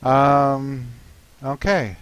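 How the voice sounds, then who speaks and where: With a smooth, steady mid-range voice, a man who makes comics thinks aloud while planning one, hesitating and musing through many pauses and fillers. The recording is dry and low in quality.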